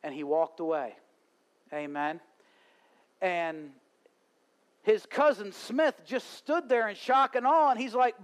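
A man's voice: extremely high pitch, a little slow. A male pastor preaching at a live church service, telling a story and rising to fervent preaching. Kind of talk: sermon.

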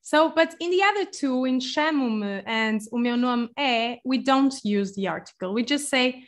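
A young woman with a Portuguese accent teaching phrases in a patient online lesson, repeating words slowly. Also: a little high. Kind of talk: slow explanatory online lesson.

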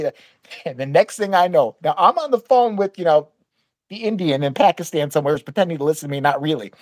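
A woman podcast host telling a long story in casual chat, profane and animated, acting out the people in it. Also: sits low, fast talker, no room sound. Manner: animated, profane, acts out voices in her story.

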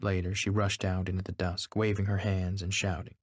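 Male narrator, low voice, measured literary reading, dry close sound. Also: completely flat delivery, breathy edge, no echo. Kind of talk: scripted narration.

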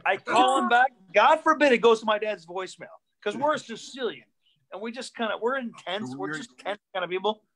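Animated male comic telling stories. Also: high voice, a little fast. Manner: animated, repeats himself, acts out voices. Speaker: stand-up comedian. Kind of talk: comedic storytelling on a live online show.

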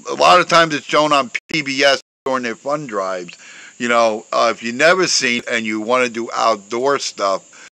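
A man hosting his own show outdoors, chatting casually in a loud, forceful, outspoken way and chuckling often. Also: medium pitch, vocal fry, dry recording, rough recording. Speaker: show host showing memes and pictures. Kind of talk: casual rambling commentary. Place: outdoors in a breeze.

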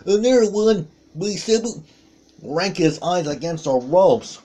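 A man doing play-by-play commentary on a wrestling match, calling out moves with excited exclamations. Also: high voice, measured pace.

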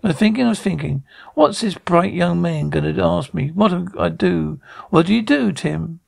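Gravelly salesman. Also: high-pitched, normal speed, a little mellow, full character voice. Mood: salesy. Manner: chatty salesman's patter. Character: pushy upbeat small-town male real estate salesman, middle-aged. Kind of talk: TV drama acting.

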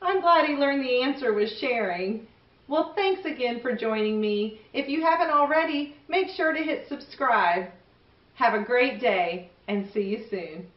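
A woman hosting a children's story show, speaking gently and directly to young viewers as she signs off. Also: high-pitched, expressive, measured pace. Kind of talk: friendly sign-off to young viewers. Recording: roomy, distant, muffled sound.

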